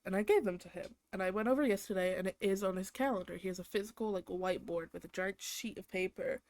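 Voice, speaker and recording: On her own podcast, a young adult host rants in an over-the-top, profanity-laden way about daily irritations and her boyfriend. She speaks at medium pitch, and the recording has no echo.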